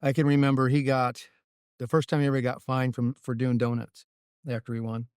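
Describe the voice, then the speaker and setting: Sex: man. Role: racing crew chief, guest. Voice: smooth, mid-pitched. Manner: animated storytelling, "right?" tags. Sound: dry. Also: a little fast, no room sound. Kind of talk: casual interview storytelling.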